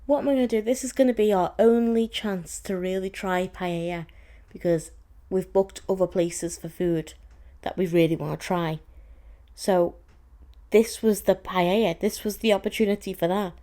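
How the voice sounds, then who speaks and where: A woman's voice: medium pitch, fairly even intonation, normal speed, warm tone. A young woman hosting a podcast, chatting casually as she tells a story with plenty of "like"s and some exasperation. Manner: chatty and exasperated, with frequent "like" fillers. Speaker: podcast host.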